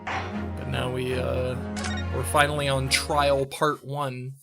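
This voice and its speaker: A woman's voice: extremely low pitch, little pitch movement, takes it slowly, gravelly. A woman chatting casually as she streams a story game, rambling with lots of filler words, with game music playing behind. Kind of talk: casual live game commentary.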